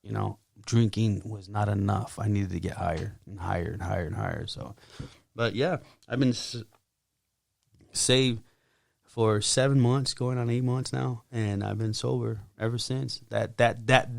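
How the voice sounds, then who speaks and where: Guest: gravelly man, mid pitch, dry close sound, animated testimony. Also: no room sound. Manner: animated, acts out his own quotes loudly. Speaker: podcast guest. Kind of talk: casual testimony.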